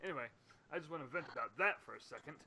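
Bright-voiced animated man venting. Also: fairly high pitch, rapid-fire, vocal fry, slight background noise. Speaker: podcast co-host. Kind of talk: casual chat.

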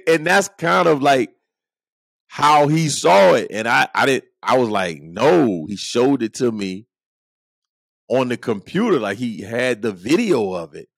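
A man hosting a casual talk show, telling stories in an animated way and acting out his friends' lines with quick laughs. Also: medium pitch, creaky, dry recording. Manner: animated, acts out quoted friends, chuckles often. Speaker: podcast host. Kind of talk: casual storytelling monologue.

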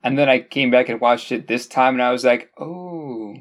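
A man's voice: medium pitch, level tone. Hesitant man in a movie chat. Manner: measured, hesitant, restarts often. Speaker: podcast co-host. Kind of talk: casual movie review chat.

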